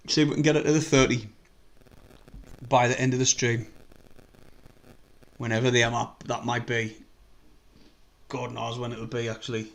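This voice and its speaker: A man with a North East English accent chats away on a live stream as a football fan. His voice sits in an ordinary middle pitch, and he rambles loosely from one thought to the next, swearing now and then. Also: little pitch movement, unhurried, vocal fry, pauses often. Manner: rambling, chatty, swears freely. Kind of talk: casual live-stream chat.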